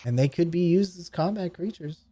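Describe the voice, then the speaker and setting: A man running a tabletop game as game master, relaxed and joking as he explains the rules. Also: a little high, a little fast, dry recording.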